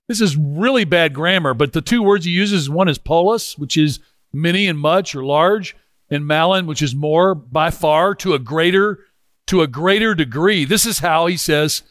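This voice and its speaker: Male pastor, conversational sermon, slightly raised pitch, dry close sound. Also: lively intonation, a bit bright, no room sound. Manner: conversational, dropping into a lower voice for scripture; halting restarts.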